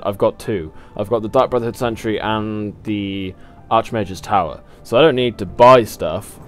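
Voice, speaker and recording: A young man casually commentating a video game, rambling, swearing and laughing at himself. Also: lowish voice. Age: young adult. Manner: rambling, swearing, self-mocking, laughs often. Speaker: gaming channel host. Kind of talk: casual let's play commentary.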